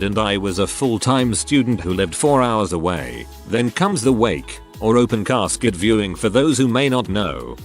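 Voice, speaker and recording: Low-voiced man reading stories aloud. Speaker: narrator reading online posts. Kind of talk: scripted narration.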